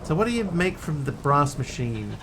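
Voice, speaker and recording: A man's voice: on the high side, sing-song, moderate pace, a bit bright, a little hiss or hum. A man streaming a game, chatting and joking with his chat as he plays. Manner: chatty, jokey, talks to chat while playing. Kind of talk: casual gameplay commentary.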